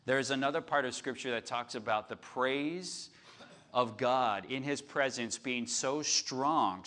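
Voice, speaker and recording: A man preaching a sermon, reading scripture loudly and then dropping to a soft, confiding tone. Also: mid-range voice. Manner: animated, swings from loud reading to soft confiding. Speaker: pastor. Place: outdoor patio church service.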